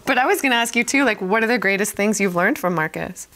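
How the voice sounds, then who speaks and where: Woman interview host, casual chat; mostly short, encouraging reactions and quick questions. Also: medium pitch, animated, fairly bright tone.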